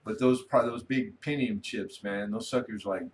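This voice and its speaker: A man's voice: fairly low pitch, steady tone, moderate pace, a little hiss or hum. A man hosting a casual late-night livestream, rambling easily and reading viewer comments aloud. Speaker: livestream host.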